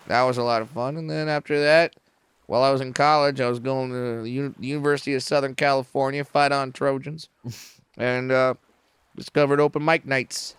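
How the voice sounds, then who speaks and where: A man's voice: mid-range voice, steady tone, brisk, fairly bright tone, clean tone, no room sound. A man in his forties, a comedian telling stories as a podcast guest in a small studio, joking, self-mocking and swearing freely. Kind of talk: casual podcast storytelling.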